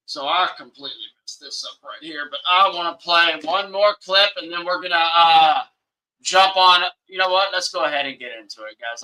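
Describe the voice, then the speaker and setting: A Southern-accented man hosts a casual livestream, rambling and heated and often apologizing to his viewers. His voice is on the high side, bright and forceful, picked up by a webcam setup in a low-quality recording.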